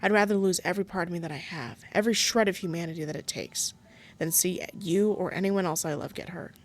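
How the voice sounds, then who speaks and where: A woman voicing a quiet, resigned young man. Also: on the low side, fast talker, lightly acted. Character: gentle, guilt-ridden young male crewmate.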